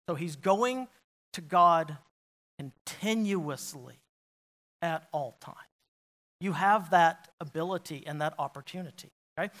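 A male pastor preaching a sermon, asking the congregation repeated questions and swinging between quiet, intimate asides and loud, emphatic declarations. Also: high-pitched.

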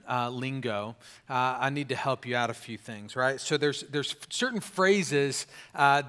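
A man's voice: medium pitch, fairly bright tone, smooth. A man preaching a sermon as pastor, in a conversational way with many fillers and tag questions.

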